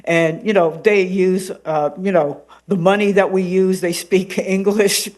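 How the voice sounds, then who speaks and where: A radio host and podcaster, a woman, chatting as a guest in an interview, animated and rambling with plenty of ums and uhs. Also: on the low side, unhurried. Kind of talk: casual interview chat.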